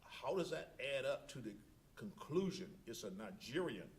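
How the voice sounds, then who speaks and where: A man's voice: mid-range voice, sing-song, normal speed, a little hiss or hum. A man serving as an appellate judge, questioning counsel and thinking aloud with frequent restarts. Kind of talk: courtroom questioning.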